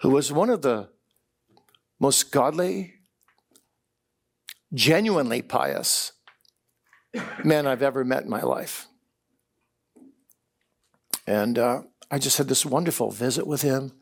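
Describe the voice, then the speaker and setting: At a chapel service, a man preaches a sermon through earnest storytelling, sometimes repeating words as he builds with excitement. His medium-pitched voice is slow and creaky, and he pauses often.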